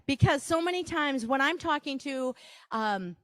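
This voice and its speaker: A woman's voice: sits high, very animated, takes it slowly, pauses often, dry recording, studio quality. Chatty Wisconsin woman presenting a workshop. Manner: chatty, asides and rhetorical questions to the audience. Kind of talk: live presentation to an audience.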